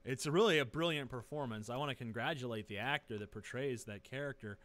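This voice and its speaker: A man's voice: mid-range voice, brisk, a bit bright. A man vlogging from his living room into a webcam, sarcastic and profane, rambling with lots of fillers. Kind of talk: casual webcam rant.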